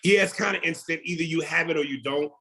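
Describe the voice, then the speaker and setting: A comedian guest talking casually in an interview, animated and often repeating words while he thinks. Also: fairly high pitch, fast talker, gravelly, rough recording.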